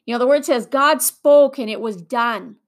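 A woman's voice: a little high, moderate pace. A woman giving an informal, earnest Bible teaching in a conversational way, with frequent fillers and restarts. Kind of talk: informal sermon.

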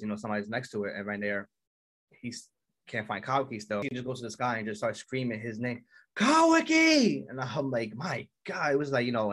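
A man casually recapping an anime episode, excitable and swearing freely, acting out the characters' lines as he goes. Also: lowish voice.

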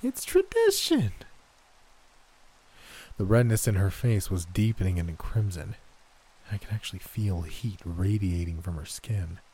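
A man reading a horror story aloud in a slow, tense, dramatic way. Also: low voice, fairly even intonation, warm tone, breathy edge. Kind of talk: scripted narration.

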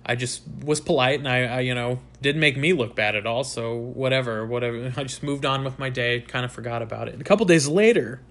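A young man from the United States, hosting his own show and telling a personal story in a candid, animated way, swearing freely. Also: mid-range voice, brisk, few pauses. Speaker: podcast host. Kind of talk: casual storytelling monologue.

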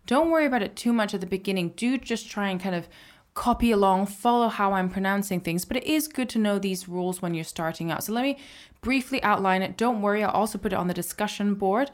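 Speaking quickly in a mid-range voice, a woman patiently explains a language in a podcast lesson, regularly checking in with "right?".

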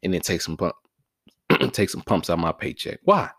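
A man hosting his own vlog in a profane, casual rant that swings between loud, high-pitched outbursts and low mutters. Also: steady tone, normal speed, slightly rough, no room sound, studio quality. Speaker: vlog host. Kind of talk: casual ranting monologue.

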